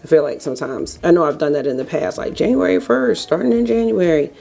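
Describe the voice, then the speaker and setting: A woman's voice: low voice, expressive, quick pace, creaky, mellow, soft background music. A woman in her thirties talking casually and rambling to viewers while doing her makeup at home. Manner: rambling, chatty, talks straight to viewers. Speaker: beauty vlogger. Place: home, getting ready in the morning.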